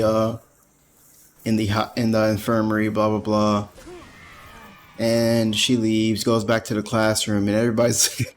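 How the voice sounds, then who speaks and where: A man giving a casual, rambling manga chapter review, full of slang and frequent laughter. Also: medium pitch. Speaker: anime reviewer.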